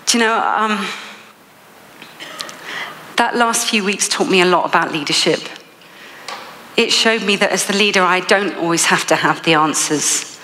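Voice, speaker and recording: A woman's voice: on the low side, normal speed, long pauses, pushed and bright, in a large hall, a little hiss or hum. A woman with an English accent giving a motivational keynote speech, telling a story with frequent laughs. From England. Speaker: motivational speaker.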